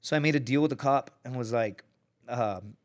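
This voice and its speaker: A medium-pitched male voice at normal speed belongs to a US podcast guest telling a story in relaxed conversation. He curses freely and brings the people he quotes to life by acting them out.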